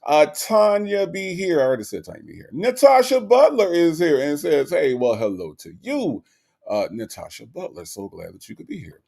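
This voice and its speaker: A man's voice: a little high, very animated, normal speed, gravelly, warm tone. A man with a Gulf Coast accent hosting a livestream, chatting casually and playfully greeting viewers, often repeating his phrases. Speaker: livestream host.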